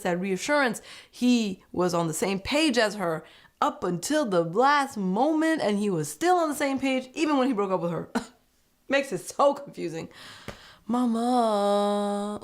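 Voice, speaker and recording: A woman recapping a reality show episode in casual reaction commentary, exclaiming and laughing as she goes. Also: on the low side. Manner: animated, exclaiming, quick laughs between remarks.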